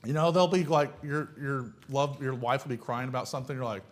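A man's voice: mid-range voice, brisk. A man preaching a sermon in a blunt, folksy way, firing off rhetorical questions. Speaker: pastor.

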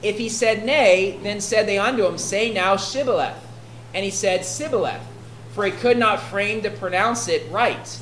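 In an echoey room with faint ambience and a little hiss or hum, a woman delivers an expository sermon, reading scripture aloud and explaining it conversationally. Her bright-ish, medium-pitched voice moves at a moderate pace, and she keeps checking in with "right?".

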